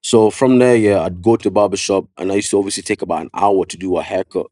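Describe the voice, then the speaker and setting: A man with a London accent, a barber telling his story in a casual podcast interview, slangy and animated, full of "yeah" and "you know what I mean". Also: low-pitched, fast, no echo, studio quality. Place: podcast studio.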